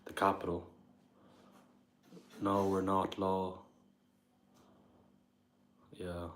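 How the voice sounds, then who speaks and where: A man with a very low voice and a Dublin Irish accent talks loosely to his live chat from home. He rambles, leaning on "like" and "bro" as he reacts to comments. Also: completely flat delivery, drawn-out words, a little hiss or hum. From Ireland. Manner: rambling, says "like" and "bro" often. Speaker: livestreamer. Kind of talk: casual livestream chat, reading comments aloud. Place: his apartment.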